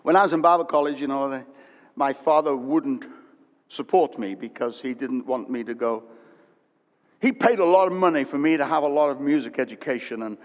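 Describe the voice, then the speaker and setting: An older man preaching a sermon, telling a story animatedly and swinging from loud to hushed. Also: medium pitch, brisk. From England. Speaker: pastor. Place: church hall. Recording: dull echoey church hall recording.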